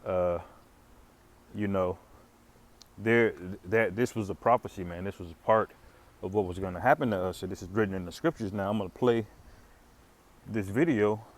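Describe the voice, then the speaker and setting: A man hosting a casual religious commentary video, rambling with many fillers and restarts and chuckling now and then. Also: low-pitched. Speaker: commentary channel host.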